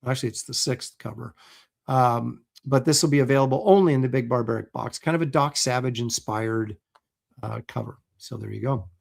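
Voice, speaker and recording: A man's voice: medium pitch, brisk, vocal fry. A middle-aged man hosting a casual livestream, talking loosely with plenty of ums and uhs. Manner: chatty, loose, lots of fillers. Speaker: host.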